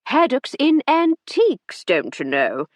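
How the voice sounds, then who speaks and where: A woman voicing a jovial, naive older gentleman in an audiobook, hearty and fond of tagging "what?" onto his remarks. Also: high-pitched, wildly swooping pitch, measured pace, no echo, voice pushed up, exaggerated voice. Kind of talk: audiobook character reading.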